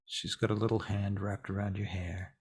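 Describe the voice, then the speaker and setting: A man's voice: fairly low pitch, little pitch movement, moderate pace, slightly rough. Rambling male game master. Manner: loose, rambling with "um" and "like". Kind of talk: narrating a tabletop game.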